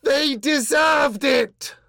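A man voicing a genderless fallen angel who speaks gently and with measured calm, coldly certain of its own rightness. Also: on the low side, no echo, studio quality. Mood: furious. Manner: gentle and measured, slipping into unhinged fury.

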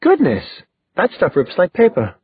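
A man's voice: mid-range voice, very animated, normal speed, breathy edge, no room sound. A man voicing a bold, teasing young woman in an audiobook, playful and theatrical. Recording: dry, phone-like thin sound.

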